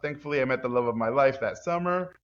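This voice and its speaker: A man's voice: medium pitch, fast, muffled recording. A man from Mexico, a guest animator, telling stories in a casual interview and acting out quotes in different voices.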